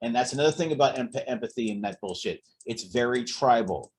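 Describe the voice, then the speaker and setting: A man with a husky voice co-hosts a loose podcast chat. He rants bluntly and curses without restraint. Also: medium pitch, animated, fairly quick, darkish tone. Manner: blunt, profane ranting. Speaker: podcast co-host. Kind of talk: casual chat.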